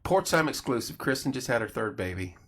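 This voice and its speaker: A man's voice: medium pitch, fairly quick, a little hiss or hum. A middle-aged man hosting a casual late-night chat show, telling stories and acting out the voices of people he quotes. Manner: animated storyteller, acts out quoted voices. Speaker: host.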